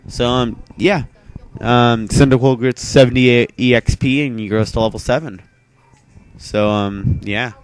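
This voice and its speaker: A young man casually commentating his video game playthrough, rambling offhandedly with lots of "um" and "yeah". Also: mid-range voice. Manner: rambling, filler-heavy, offhand. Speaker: gaming channel host.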